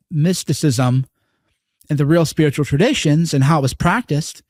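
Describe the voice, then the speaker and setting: Interview guest, male, earnest and blunt, curses freely, slightly high voice, dry studio sound. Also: a little mellow, no echo. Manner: earnest, profane, mimics voices in quotes. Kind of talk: candid interview conversation.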